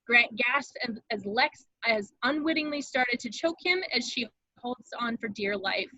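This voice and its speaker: A woman narrating the stage directions at an amateur table read with a dramatic, expressive delivery. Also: a little high, unhurried, no echo, dull audio.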